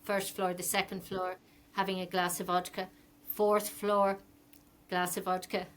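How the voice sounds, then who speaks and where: A woman's voice: fairly low pitch, little pitch movement, a little slow, slight background noise. A middle-aged Irish woman, a fashion designer, chatting as a podcast guest and telling rambling stories with many ums. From Ireland. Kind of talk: casual interview chat.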